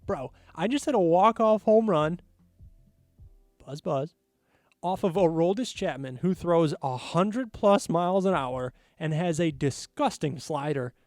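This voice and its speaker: A man's voice: on the high side, unhurried, no room sound. Exasperated ranting man, dry mic. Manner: animated, exasperated ranting with mocking asides. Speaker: podcast host. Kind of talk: solo sports rant podcast.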